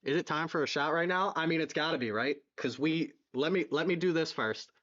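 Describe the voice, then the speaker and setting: Philly-male stream host, excitable, repeats lines, slightly muffled audio. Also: a little high, brisk. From southeastern Pennsylvania. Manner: excitable, repeats himself, reads donations aloud. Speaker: livestream fundraiser host. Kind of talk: live stream chat.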